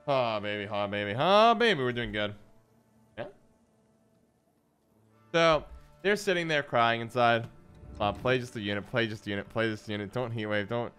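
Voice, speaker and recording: Animated, smooth-voiced male game streamer. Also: medium pitch, moderate pace, long pauses, soft background music. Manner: playful, chatty, reads and answers chat aloud. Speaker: streamer playing a card game. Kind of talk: casual live-stream gameplay commentary.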